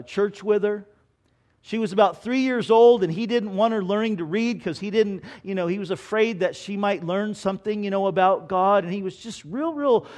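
A male pastor preaching a sermon. He often repeats words as he tells a story and slows down to read scripture with emphasis. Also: high voice. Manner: repeats words while telling stories, slow emphatic scripture reading.

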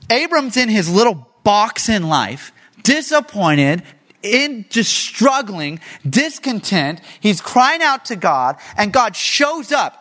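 Animated male pastor preaching. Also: high voice. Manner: conversational preaching with rhetorical questions. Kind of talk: sermon.

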